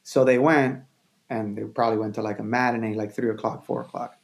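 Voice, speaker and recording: A man from Venezuela, a filmmaker guest, telling a story in casual chat, animated, repeating phrases and acting out quotes. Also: lowish voice, a little fast, gravelly.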